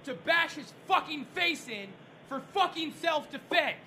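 Super high shrill guy on a prank call, screaming mad, cussing every other word, voice jumping around. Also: expressive, a little slow, slight background noise. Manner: furious, swearing, ranting; shouting in bursts. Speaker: prank caller.

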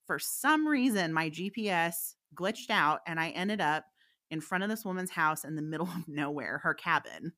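A woman's voice: fairly low pitch, animated, moderate pace, fairly bright tone. A woman, a psychic medium guest, telling a story in a candid, chatty way and laughing often. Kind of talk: casual anecdotal storytelling.

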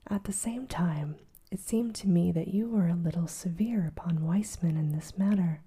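A woman's voice: fairly low pitch, moderate pace, dark tone, slightly rough. A woman voicing a polite, hesitant young male journalist in a whispered role-play. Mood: earnest. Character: earnest young male Irish journalist, nervous but bold.

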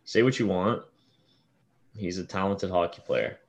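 A man's voice: sits low, lively intonation, measured pace. A man co-hosting a casual hockey podcast, laying out standings and points steadily. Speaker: podcast co-host.

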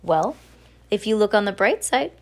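A woman's voice: mid-range voice, lively intonation, moderate pace, darkish tone, natural voice. A woman reading aloud, voicing an optimistic male mill worker who talks in an upbeat, encouraging way.

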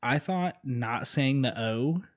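A man chatting casually on a podcast, joking as he goes and drifting off into "um" and "like." He talks in a relaxed, meandering way, with a voice that sits at an ordinary middle pitch. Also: slow. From Southern United States. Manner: rambling, joking, trails off with fillers. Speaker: podcast co-host. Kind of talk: casual chat.

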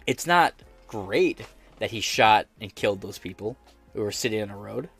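A man's voice: lowish voice, expressive, moderate pace, creaky, fairly bright tone, slightly rough, soft background music. An American man hosting a podcast, giving blunt, profane and sarcastic political commentary while reading headlines aloud. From United States. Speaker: podcast host.

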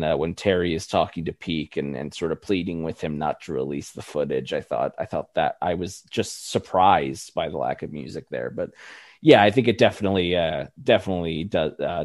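A man's voice: rumbling low, fairly quick, a little mellow, no echo, clean studio sound. A man co-hosting a podcast, chatting casually through a review, laughing often and using many fillers. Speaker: podcast co-host.

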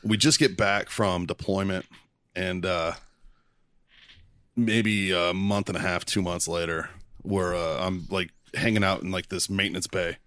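Profane, laughing male storyteller, low voice. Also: fairly even intonation, unhurried, fairly bright tone, no echo. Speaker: podcast host, Marine veteran. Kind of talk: casual storytelling chat.

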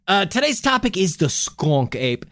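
A man co-hosting a comedy podcast, rambling along playfully with plenty of filler words. His pitch bounces around animatedly, and the sound is dry and close to the mic. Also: sing-song, measured pace, fairly bright tone, dry recording. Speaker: podcast co-host. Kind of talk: casual podcast chat.

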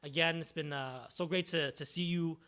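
A man's voice: fairly high pitch, steady tone, moderate pace, bright, forceful tone, clear, resonant tone. A young man hosting a podcast, chatting casually and making self-mocking jokes. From Southern California. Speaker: podcast host. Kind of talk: casual chat.

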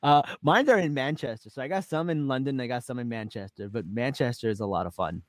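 A man's voice: medium pitch, fast, dry recording. A man co-hosting a podcast, chatting casually and upbeat about a reality show, often repeating words and laughing along. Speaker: podcast co-host.

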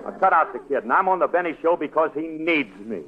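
A man's voice: a little high, expressive, fast, heavy background noise, lightly acted. An actor playing a boastful, ungrammatical bandleader husband and father in a 1940s radio sitcom. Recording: tinny old radio broadcast.

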